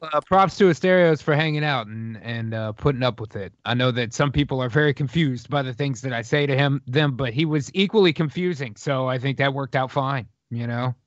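A man's voice: medium pitch, brisk, few pauses, no echo, lo-fi sound. A man guesting on a podcast, bantering with crude, provocative jokes. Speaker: show guest. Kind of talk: casual chat.

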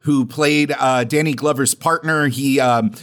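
A man co-hosting a podcast in casual chat, animated, often laughing and acting out quotes. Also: mid-range voice, measured pace. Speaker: podcast co-host.

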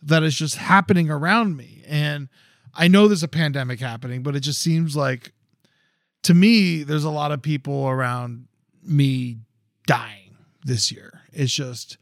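A man's voice: on the high side, unhurried, no room sound, studio quality. Profane, blunt man co-hosting a podcast. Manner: blunt, profane, heated rants. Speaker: podcast co-host. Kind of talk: casual chat.

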